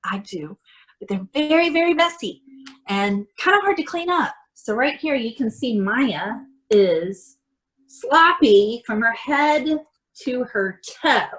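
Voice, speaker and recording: Woman reading a kids' picture book aloud, chatty and lively, a bit high-pitched. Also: slow pace, low-quality recording. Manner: animated, chatty, laughs often. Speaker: storybook reader.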